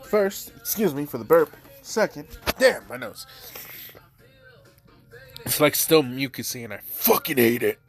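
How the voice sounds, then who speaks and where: Man with a stuffy nose, fairly high voice, rambling casual narration over faint background music. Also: big pitch swings, measured pace, vocal fry, long pauses. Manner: rambling, loaded with fillers. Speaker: storyteller. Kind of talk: casual fan-fiction narration.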